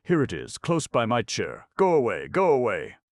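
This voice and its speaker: A man doing a frightened gentleman yelling orders. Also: mid-range voice, wildly swooping pitch, moderate pace, dry recording, clean studio sound, voice pushed up. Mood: frightened shouting. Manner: shouting urgent commands. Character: frightened English gentleman shouting in the dark. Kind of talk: audiobook character voice.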